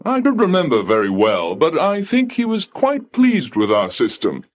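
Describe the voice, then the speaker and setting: A man voicing a polite, unbending male receptionist at heaven's gate who speaks formally and calmly. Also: fairly high pitch, normal speed, pitched above the performer's own voice. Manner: formal, calm, coolly polite.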